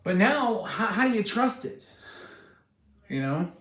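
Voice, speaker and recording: A man's voice: sits high, very animated, slow, fairly bright tone, echoey room. A man hosting a casual livestream, rambling and joking with viewers and laughing at his own stories. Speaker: livestream host chatting with viewers. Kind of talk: casual rambling live chat.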